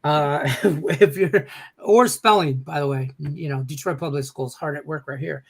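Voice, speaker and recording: A man's voice: a little high, normal speed, vocal fry. Joking sports betting host, man. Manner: joking, rambling, reads chat comments. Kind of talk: casual sports betting chat.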